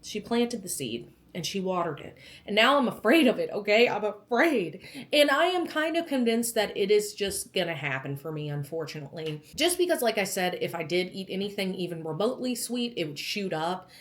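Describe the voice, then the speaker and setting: A woman's voice: mid-range voice, big pitch swings, brisk, hardly any pauses. A pregnant young woman vlogging casually, animatedly retelling a doctor's visit and acting out the quotes. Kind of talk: casual storytelling vlog.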